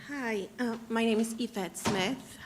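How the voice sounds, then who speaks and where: Halting mother at a school board podium. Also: on the high side, noisy background. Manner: plain, slightly halting, with fillers. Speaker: parent speaking at public comment. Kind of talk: public comment at a school board meeting. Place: public meeting room at a podium mic.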